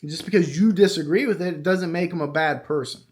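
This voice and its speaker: A middle-aged man hosting a true crime podcast, talking casually and with strong opinions, often pausing on fillers. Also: a little high, a little mellow. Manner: conversational, opinionated, with frequent fillers. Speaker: true crime podcast host and retired detective. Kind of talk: casual monologue.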